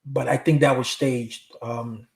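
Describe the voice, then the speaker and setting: In a creaky, flat, unhurried delivery, the middle-aged host chats on his livestream. His mid-range voice is a little mellow as he tells rambling stories and responds to viewers with plenty of street slang and cursing.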